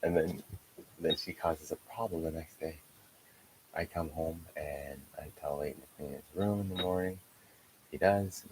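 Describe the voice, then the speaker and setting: A man's voice: rumbling low, fairly even intonation, normal speed, background noise. A man in an angry, profane livestream rant, aggrieved and often dropping into whispered asides. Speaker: streamer.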